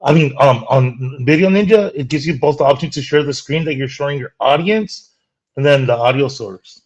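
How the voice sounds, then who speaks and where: A man's voice: medium pitch, normal speed, low-quality recording. A man co-hosting a livestream in casual chat, eagerly explaining his setup. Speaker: stream co-host.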